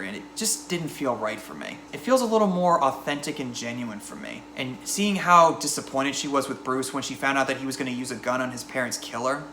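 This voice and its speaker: A man with a bright, forward voice reviewing a film in a chatty, offhand way. He jumps into quick impressions of characters as he goes. The room is echoey, and a faint hiss sits underneath. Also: mid-range voice. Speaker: movie reviewer.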